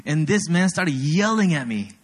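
Animated young man preaching with lively pitch. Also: normal speed, slightly rough. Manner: animated storyteller, self-deprecating, asks the audience often. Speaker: pastor. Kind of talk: sermon.

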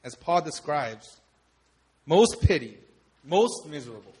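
A man preaching a sermon, building emphatic repeated phrases up to loud declarations. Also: a little high, very animated, slow, husky.

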